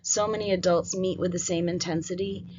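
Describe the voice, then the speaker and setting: A woman presenting a staff training session on calming students, talking conversationally and often checking in with "right?" and "um". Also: fairly low pitch, a little fast. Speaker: school behavior trainer. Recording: dull lo-fi audio with faint noise.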